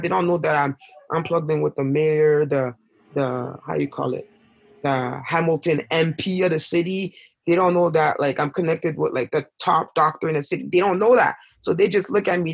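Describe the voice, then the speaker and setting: A young man from Canada telling a painful story as a podcast guest, impassioned and full of fillers. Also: gravelly. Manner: impassioned, rises in pitch when upset, many fillers. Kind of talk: emotional storytelling in conversation.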